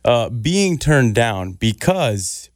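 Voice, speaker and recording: A man's voice: mid-range voice, big pitch swings, very slow, no room sound, clean studio sound. A man co-hosting a casual comedy podcast, laid-back, laughing often and swearing casually. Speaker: podcast co-host.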